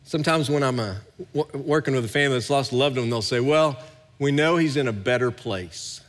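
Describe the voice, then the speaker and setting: A middle-aged pastor preaching a sermon, swinging between hushed and loud, recorded in a large church hall. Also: male voice, medium pitch, fairly quick. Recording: long hall reverb.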